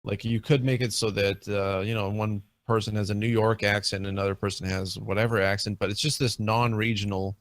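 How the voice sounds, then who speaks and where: A man's voice: lowish voice, flat delivery, brisk, hardly any pauses, no room sound. A man in a casual discussion, talking at length with many fillers and restarts. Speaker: guest in a video game discussion. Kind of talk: casual chat.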